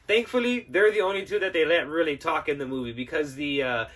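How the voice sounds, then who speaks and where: A man's voice: fairly high pitch, a little fast, a bit bright, slightly rough. A man hosting a podcast, giving a casual, profane and sarcastic film review with frequent laughter. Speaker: podcast host.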